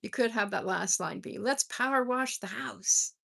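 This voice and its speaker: Woman, middle-aged, gravelly voice, poetry livestream host, reads poems aloud, chatty asides. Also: mid-range voice, moderate pace, a bit bright. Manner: chatty, greets viewers by name, laughs at herself.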